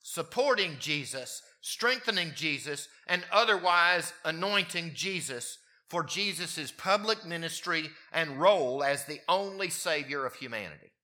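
A man preaching a sermon, his voice moving from quiet, low passages up to emphatic, raised peaks. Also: animated, unhurried, hardly any pauses. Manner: wide swings in pitch and loudness, rising to emphatic peaks. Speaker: pastor.

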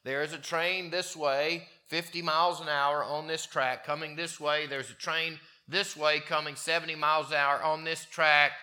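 An unflappable job applicant, acted out by a man telling a joke. He explains himself in a plain, matter-of-fact way, never rattled. His voice is bright and forceful. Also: fairly high pitch, little pitch movement, normal speed, few pauses.

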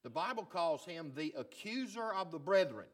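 A man preaching a sermon as pastor, swinging from loud emphatic lines to quiet, low ones. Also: big pitch swings, normal speed.

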